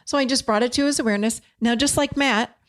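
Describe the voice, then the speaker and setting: A woman's voice: fairly high pitch, fast talker. A woman hosting a podcast, talking in a casual, direct teaching monologue and acting out bits of dialogue as she goes. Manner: conversational and direct, acts out quoted dialogue. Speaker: podcast host.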